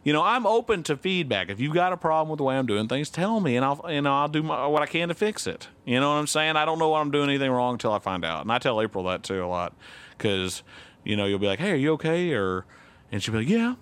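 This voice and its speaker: A man's voice: mid-range voice, lively intonation, fast talker, a bit bright, clean tone. A man co-hosting a podcast, chatting casually and candidly, often rambling and restarting his sentences as he talks. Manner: rambling, self-correcting, candid. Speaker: podcast co-host; youth T-ball head coach. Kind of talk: casual chat.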